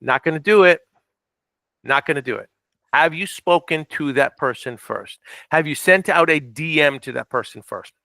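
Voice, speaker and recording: Bright, dry-voiced man giving a training. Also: a little high, expressive, normal speed, creaky, no echo. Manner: direct, repeats points, checks in with "okay?". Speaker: real estate investing trainer. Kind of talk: training presentation.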